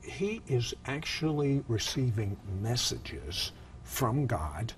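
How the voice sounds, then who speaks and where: A woman's voice: a bass voice, big pitch swings, slow. A woman hosting a Christian talk show, prompting her guest with follow-up questions and summing up her points.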